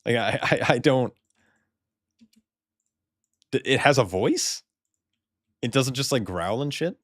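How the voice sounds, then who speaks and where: A man's voice: medium pitch, lively intonation, slow pace, a bit bright, dry recording, studio quality. A man streaming a video game in casual chat, swearing, laughing often and stammering when surprised.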